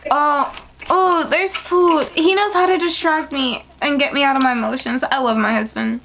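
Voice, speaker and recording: Gushing high-voiced young woman vlogger. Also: moderate pace, slight background noise. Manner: gushing and excitable, jumping into high squeals. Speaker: beauty vlogger starting a business. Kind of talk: casual unboxing vlog. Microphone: phone camera.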